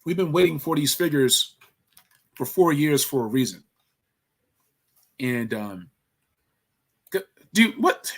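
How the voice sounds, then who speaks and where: A man hosting a casual livestream about toy figures, excitable and slangy, laughing often and talking to his viewers. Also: on the high side, slow, long pauses.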